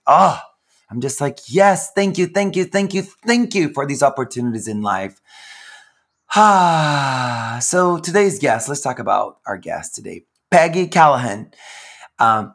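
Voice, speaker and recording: A man hosting his podcast in a raspy voice, talking in a sassy, exuberant way and calling his listeners honey. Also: medium pitch, a bit bright. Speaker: podcast host. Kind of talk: casual chat.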